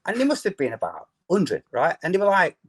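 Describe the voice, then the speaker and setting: A man's voice: on the high side, a little fast, husky. A Yorkshire man in his fifties, a former footballer, telling anecdotes and acting out the dialogue with laughs. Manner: animated, laughing, acts out dialogue. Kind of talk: anecdotal storytelling.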